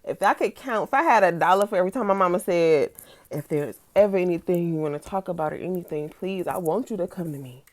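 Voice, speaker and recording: A woman's voice: lowish voice, quick pace. A young woman talking candidly in a personal vlog, reading from her notes and reacting with emphatic outbursts. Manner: candid, emphatic, swinging from musing to excited outbursts. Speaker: vlogger.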